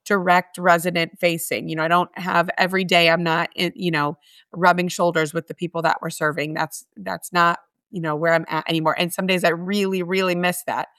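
A woman's voice: fairly low pitch, level tone, brisk, a bit bright, dry recording, clean studio sound. A middle-aged woman being interviewed about her work at a mission, talking in an earnest, heartfelt way with frequent restarts. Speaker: guest, homeless mission staff. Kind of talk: conversational interview.

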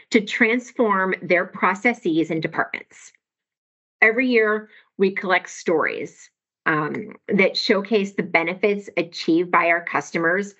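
A woman's voice: fairly low pitch, fairly bright tone, lo-fi sound. A woman in her forties talking with enthusiasm as a podcast guest, chatty and upbeat. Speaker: podcast guest, tax software professional. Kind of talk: podcast conversation.

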